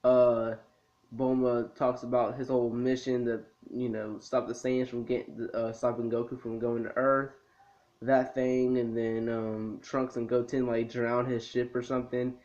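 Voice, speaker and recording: A man's voice: mid-range voice, level tone, unhurried, darkish tone. A man casually recapping a cartoon episode for his video review, rambling with lots of ums and restarts. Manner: rambling, full of ums and restarts, laid-back. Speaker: anime review vlogger. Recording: slightly muffled lo-fi recording.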